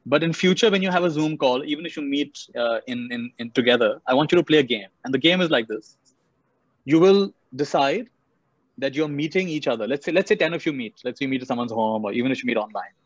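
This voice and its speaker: A man's voice: mid-range voice, animated, quick pace, no echo, muffled recording. A man giving a motivational talk over a video call, repeating key phrases for emphasis. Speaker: motivational speaker.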